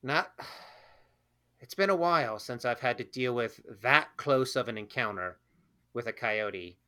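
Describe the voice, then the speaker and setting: A man talking in character as an outdoor cat in a tabletop game, halting and repeating his words. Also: mid-range voice, lively intonation, sharp tone, clear, resonant tone. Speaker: player voicing an outdoor cat. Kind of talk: tabletop role-play in character.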